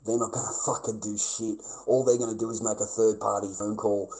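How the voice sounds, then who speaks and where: A man's voice: fairly low pitch, little pitch movement, brisk, darkish tone, poor audio. A man ranting on a livestream, blunt, sweary and aggrieved, repeating his points. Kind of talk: casual livestream rant.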